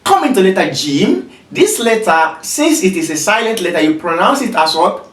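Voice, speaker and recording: A teacher giving a slow beginner lesson, patiently repeating each letter sound several times. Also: mid-range voice, big pitch swings, a bit bright, distant mic. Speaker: Arabic teacher. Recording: roomy echo, voice away from mic.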